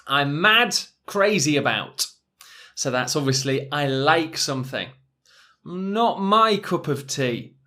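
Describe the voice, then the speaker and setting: Guy teaching english idioms, talks slow, voice sits a bit high. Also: fairly bright tone. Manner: slow, deliberate, repeats each phrase for learners.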